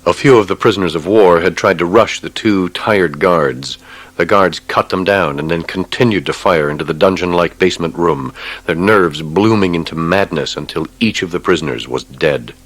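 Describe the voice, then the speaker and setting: A man narrating a war novel audiobook in a measured, grave way. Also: low-pitched, a bit bright, no room sound.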